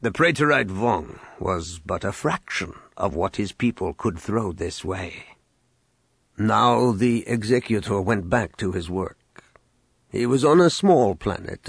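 A man reading an audiobook in a measured, dramatic narration. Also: lowish voice, vocal fry, slightly rough, dry recording, rough recording. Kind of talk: scripted narration.

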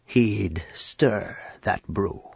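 Low-voiced man narrating an audiobook. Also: vocal fry, husky, dry recording, rough recording. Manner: measured, dramatic reading. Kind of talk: scripted narration.

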